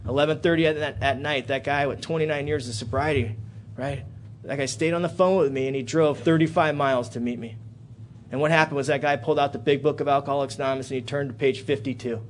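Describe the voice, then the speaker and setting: Talking at a quick pace amid slight background noise, a man gives his personal recovery talk as an AA speaker at a hotel-room convention. His storytelling is dramatic and full of swearing, shifting from loud, excited bursts to quiet, low stretches.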